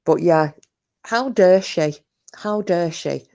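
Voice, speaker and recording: A woman's voice: on the low side, takes it slowly, creaky, warm tone, muffled recording. A woman hosting a live stream, chatting casually, reading out comments and talking bluntly with plenty of swearing. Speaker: livestream host.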